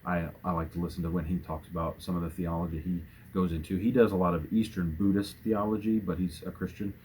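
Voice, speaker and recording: Man, very low voice, earnest book vlogger, faint room hiss. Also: level tone, fast talker. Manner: earnest, gentle, warm-hearted with fillers and restarts. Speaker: booktuber. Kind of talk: casual book tag vlog.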